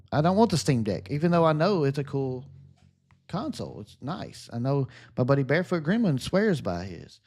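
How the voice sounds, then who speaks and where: A man with a Southern US accent chats with his viewers while he plays. His voice is sunny and relaxing, sitting at an ordinary middle pitch, and he talks in an upbeat, friendly way. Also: darkish tone. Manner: upbeat, chatty, answers viewer comments. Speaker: gaming streamer. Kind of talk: casual live chat while gaming.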